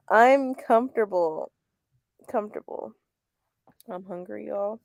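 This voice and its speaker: A woman's voice: mid-range voice, measured pace, vocal fry, darkish tone, no room sound. A woman, hosting a casual livestream chat, laughing often and reading comments aloud. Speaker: host.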